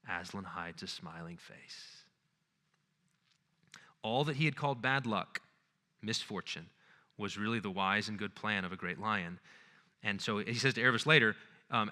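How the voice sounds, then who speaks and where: Earnest man lecturing, bright sharp tone. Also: fairly low pitch, in a large hall. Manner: earnest, storytelling, checking in with the audience. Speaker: conference lecturer. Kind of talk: lecture on literature and faith.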